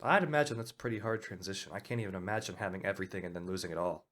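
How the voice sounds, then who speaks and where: A man hosting a comedic mock interview with a fast, deadpan delivery. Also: low-pitched. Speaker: host.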